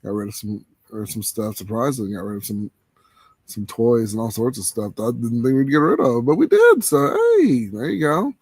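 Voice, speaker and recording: A man's voice: medium pitch, big pitch swings, moderate pace, a little mellow, breathy edge, dry recording. A man hosting a live talk stream, chatting casually in a loose, laid-back way. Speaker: livestream host. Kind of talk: casual chat.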